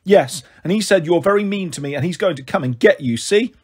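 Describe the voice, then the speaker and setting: A man voicing an excitable, whiny little boy who shrieks and gabbles in a storybook reading. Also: high-pitched, fairly quick, breathy edge. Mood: shrill.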